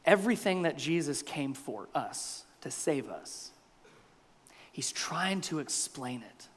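Animated preaching man in a hall. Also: fairly high pitch, slow pace. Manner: animated preaching with big swings in loudness, dropping to near-whispers. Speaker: pastor. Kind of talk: sermon.

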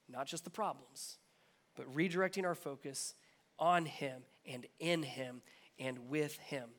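A man's voice: on the high side, measured pace, a bit bright. A man preaching a sermon as pastor, earnest and repetitive, building his emphasis step by step. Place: church.

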